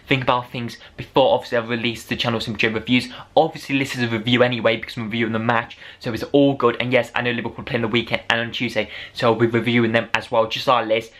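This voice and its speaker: Male fan vlogger, mid pitch, excitable rambling match recap, unpolished delivery. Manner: excitable, rambling, rising to shouts over goals. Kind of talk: unedited casual match review.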